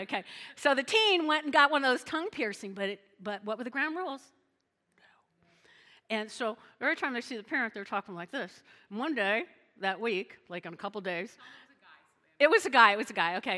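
A woman pastor preaches in a lively, conversational style, often pausing to check in with her listeners. Her voice is bright and fairly high. A long reverb trails behind her words, as in a large hall. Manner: animated, chatty preaching with frequent "okay?" check-ins. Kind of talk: sermon.

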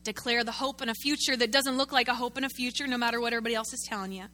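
A woman pastor preaching a sermon in an animated way, calling out to the congregation and working with a prop. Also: a little high, very fast.

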